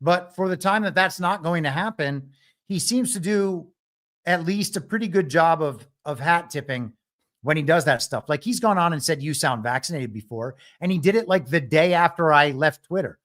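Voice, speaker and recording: A man's voice: fairly high pitch, expressive, moderate pace, fairly bright tone. A man hosting a live political commentary show alone, wry and argumentative, often laughing at his own jokes. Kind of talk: live solo commentary stream.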